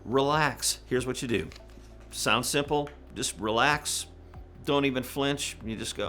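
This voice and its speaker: Bright-voiced man coaching church singers. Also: mid-range voice, measured pace, faint music behind. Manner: casual, frank coaching with fillers and demonstrations. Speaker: worship music director. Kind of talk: instructional talk to church singers.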